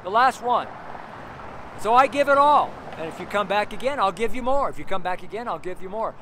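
High-voiced earnest male street preacher. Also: animated, fast, fairly bright tone, a little hiss or hum. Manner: earnest, rambling, heavy on "you know" fillers and repetition. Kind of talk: personal testimony sermon. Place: outdoors near street traffic.

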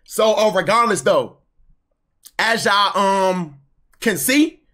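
A man's voice: sits high, slow, bright, forceful tone. A young man streaming, ranting in casual, profane, heated slang. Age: young adult.

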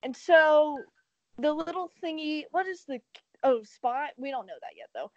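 A podcast co-host with a high, bright-toned voice rambles loosely through a movie plot in casual chat, tossing in sarcastic asides. She speaks a little slowly, sounding dry and close with no echo, though the recording is a bit muffled.

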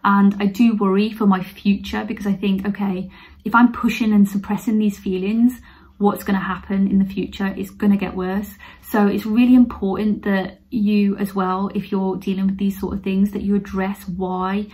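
A woman's voice: mid-range voice, flat delivery, normal speed, darkish tone, low-quality recording. Earnest woman talking openly. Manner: earnest, open, turns emotional and teary at times. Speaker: nurse vlogger. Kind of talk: heartfelt personal talk to camera.

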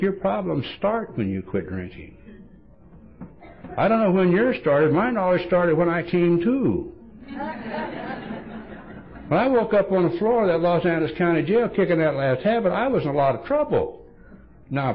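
A man's voice: on the high side, breathy edge. Man, recovery meeting speaker, humorous storytelling, blunt and wry, acts out dialogue, dull lo-fi tape.

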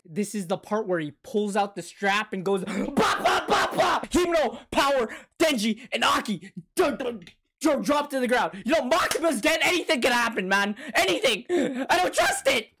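A man reacting to an anime episode, excitable and profane, shouting and gasping and talking back to the characters on screen. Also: very high voice, moderate pace, slight background noise. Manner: excitable, swears a lot, bursts into shouts and gasps. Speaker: anime reaction channel host. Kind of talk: live reaction commentary.

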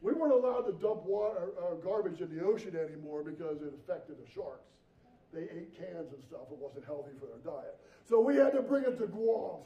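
A middle-aged male pastor preaching a sermon, an animated storyteller who acts out the voices he quotes. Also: sits high. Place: church sanctuary. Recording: roomy, distant, dull church recording.

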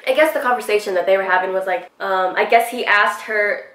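A woman's voice: a little high, fast talker, few pauses, far from the mic. Young woman telling a swear-filled story. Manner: animated, swears freely, slangy. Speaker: beauty vlogger. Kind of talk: casual storytime chat. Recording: echoey room, mic set back.

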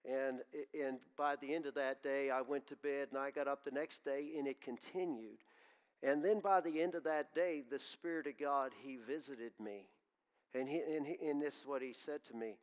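A man preaching a sermon in a church, telling homey stories and repeating words as he warms up. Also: mid-range voice, steady tone, normal speed, clear, resonant tone, in a large hall. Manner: folksy storytelling preacher, repeats words when stirred. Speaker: pastor. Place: church sanctuary.

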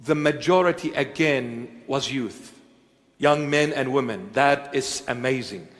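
A man preaching and answering questions before a congregation, halting with many fillers and joking now and then. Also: mid-range voice, fairly bright tone. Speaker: church bishop preaching. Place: church hall with congregation. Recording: long reverb of a large hall.

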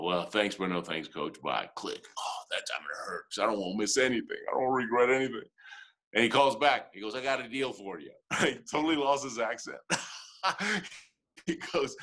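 A man in his fifties, a motivational speaker telling stories in an interview, lively and chuckling often, often restarting his sentences. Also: mid-range voice, normal speed. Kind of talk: animated storytelling in conversation.

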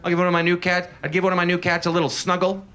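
A man's voice: high voice, monotone, rapid-fire, pushed and bright, smooth. A man doing a stand-up comedy set on a club stage, conversational and wry. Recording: live comedy club crowd noise.

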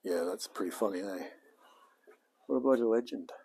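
A man in his late forties from Australia rambles easily on his live stream, where he works as a home mechanic, tossing in lots of slang. His voice is lowish, gravelly, dark and a bit rough, moving at a normal speed.

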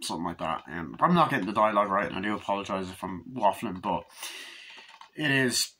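A man's voice: fairly low pitch, expressive, a little fast, pushed and bright, slightly rough. A young man giving a rambling, casual film review, swearing freely and acting out scenes in voices.

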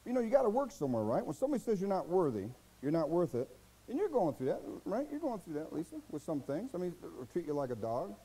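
A folksy male pastor preaches a sermon with a fairly high, very lively voice. He talks plainly with asides, slipping from low mutters to loud, high outbursts, in a mellow, dark tone. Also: husky, rough recording. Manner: swings from low murmurs to loud, high bursts.

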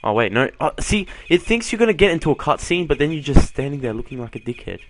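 A man's voice: on the high side, very animated, fast talker, slight background noise. A young man giving casual, sweary commentary while playing a horror game. He reads the game's dialogue aloud and makes sarcastic jabs at the characters. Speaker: let's play gamer.

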